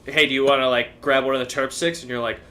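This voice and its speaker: Animated young man telling stories, bright voice. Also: medium pitch, quick pace. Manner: animated storyteller, swears, acts out quotes. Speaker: co-host. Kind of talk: casual podcast chat.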